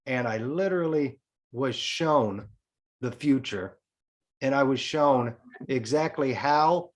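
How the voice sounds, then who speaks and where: Frank, swearing man telling a story. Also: medium pitch. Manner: frank, swears freely, tells a story in a lively way. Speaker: podcast guest. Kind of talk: casual storytelling chat.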